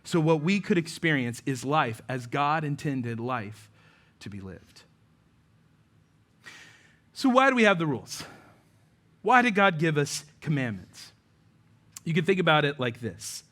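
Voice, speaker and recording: A pastor delivers a sermon in a slightly high male voice. He tells stories and acts out the people he quotes. He often drops to a near-hush at the end of a phrase. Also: very animated, measured pace, pauses often. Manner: preaching with story-telling, voicing quoted people.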